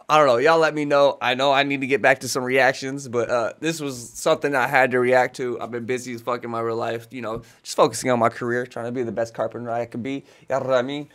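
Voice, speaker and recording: A man from the Las Vegas area hosting a casual reaction video, profane, slangy and excitable. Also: medium pitch, brisk.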